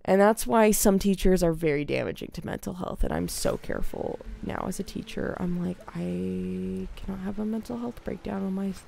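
A woman's voice: mid-range voice, vocal fry, a little hiss or hum. A young adult woman streaming a game, chatting casually and telling stories from teaching theater, her voice dropping to a whisper when she quotes a child. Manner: animated, drops to a whisper when quoting a child. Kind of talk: casual storytelling while gaming. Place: home streaming setup.

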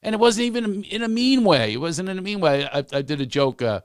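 A man's voice: sits high, animated, brisk, clear, resonant tone, dry recording, studio quality. A man who is a comedian guest, ranting animatedly and repeating words when fired up. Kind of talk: animated podcast conversation.

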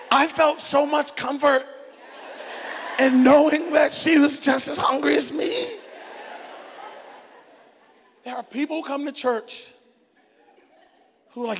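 A male pastor preaching a sermon, telling a funny personal story and then rising into loud, fervent preaching. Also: extremely high pitch, slow pace, pauses often, a faint crowd. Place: church auditorium. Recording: reverberant church hall.

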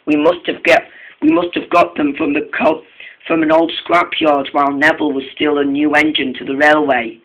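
A man's voice: on the high side, animated, normal speed, a bit bright, highs cut off. A man voicing a polite, earnest male railway fireman. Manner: respectful, earnest.

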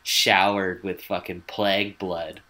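A man's voice: sits low, flat delivery, takes it slowly, a loud crowd. A man co-hosting a podcast, telling a story in a loose, rambling way with frequent swearing and filler words. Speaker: podcast co-host. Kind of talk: casual chat, telling a researched story.

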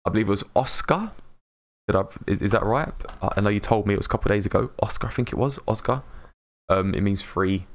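Low gravelly English streamer. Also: male voice, fast. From England. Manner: chatty and upbeat, greets chat by name, laughs often. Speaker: game streamer. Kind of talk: casual live-stream chat while gaming.

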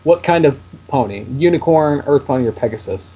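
A man's voice: medium pitch, animated, brisk, dark tone, breathy edge, low-quality recording. A man co-hosting a game playthrough, trading jokes in casual commentary. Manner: joking banter.

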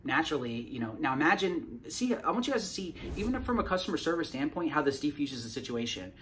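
A man's voice: fairly high pitch, big pitch swings, fast, fairly bright tone, a little hiss or hum. A man giving a casual sales coaching talk to the camera, often tagging his points with "right?" and repeating words as he restarts.

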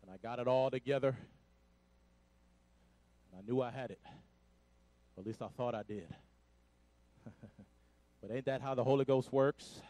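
A man preaching a Pentecostal sermon, shouting in call-and-response and dropping to quiet asides. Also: mid-range voice, a little slow, pauses often, dry recording. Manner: breathless, drops to quiet asides. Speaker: pastor.

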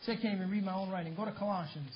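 A man's voice: high-pitched, racing. A man preaching a sermon as pastor, fervent and plain-spoken. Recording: dull lo-fi sermon recording with faint hiss.

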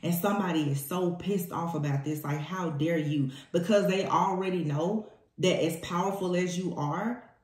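A woman's voice: lowish voice, normal speed, darkish tone. A woman giving a spoken tarot reading, emphatic and repeating her key phrases for weight. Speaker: tarot reader. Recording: echoey room.

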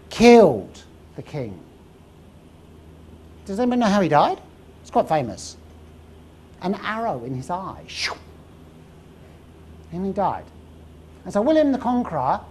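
A woman lecturing to a live audience in a lecture room. Her voice sits on the low side but leaps around with lively, animated inflection. She spins history into a story and keeps asking the audience questions, over a faint hum of room ambience. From England.

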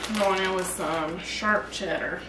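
A woman hosting a casual barbecue cooking vlog, chatty and excited as she cooks and tastes the food. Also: fairly low pitch, measured pace, reverberant, recorded from a distance, heavy background noise. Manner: excited, chatty, talks while tasting. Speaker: barbecue channel host.

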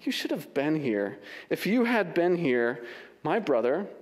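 A man's voice: on the high side, very animated, measured pace, in a large hall. A male pastor voicing a grieving woman who reproaches her lord during a sermon. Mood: reproachful. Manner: accusing, pleading.

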